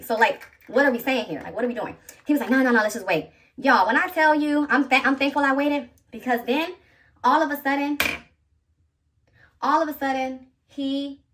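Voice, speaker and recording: A woman in her thirties tells her viewers a personal story in an animated, chatty vlog style. Her voice sits a little high. She is heard slightly distant from the microphone. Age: 30s. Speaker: vlogger.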